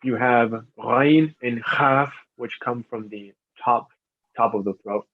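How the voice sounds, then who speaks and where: A man's voice: mid-range voice, takes it slowly. Male student on a muffled call. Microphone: video call. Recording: muffled video call audio.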